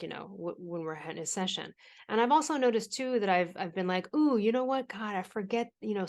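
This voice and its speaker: A woman's voice: on the low side, creaky. A woman author and coach as a podcast guest, chatty and emphatic, swearing freely and asking "you know what I mean". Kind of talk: casual interview talk.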